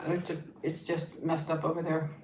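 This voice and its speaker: Woman, home livestream host, lowish voice, rambly casual chat, echoey room. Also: monotone, moderate pace, darkish tone, a little hiss or hum. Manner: chatty, rambling, coaxing her dog in a sing-song voice. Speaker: YouTube channel host.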